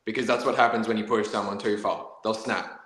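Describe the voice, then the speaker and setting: Low-voiced man thinking aloud. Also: fairly even intonation, fairly quick, a bit bright. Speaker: podcast co-host. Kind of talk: casual political chat. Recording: echoey room.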